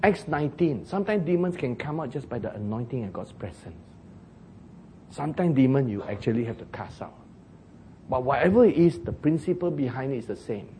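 A man preaching a sermon, telling a story with jokes, acted shouts and laughter. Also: mid-range voice, lively intonation, fairly quick, slight background noise.

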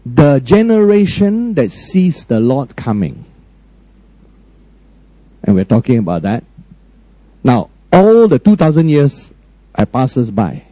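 Man preaching, warm mellow voice. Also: sing-song, takes it slowly, long pauses, no echo, low-quality recording. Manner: emphatic, swinging between high raised lines and low quiet ones; frequent direct questions to the congregation. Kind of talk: sermon.

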